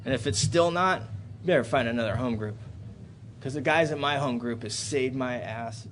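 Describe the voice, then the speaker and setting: A man in his thirties speaking at a recovery meeting in a hotel hall, telling a personal story and building to loud, animated outbursts. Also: mid-range voice, moderate pace, a little hiss or hum. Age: 30s.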